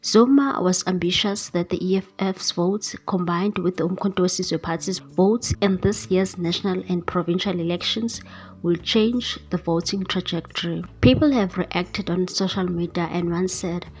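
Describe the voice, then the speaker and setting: A woman presenting news in a steady, scripted read, ending with a sign-off to viewers. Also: on the low side, normal speed.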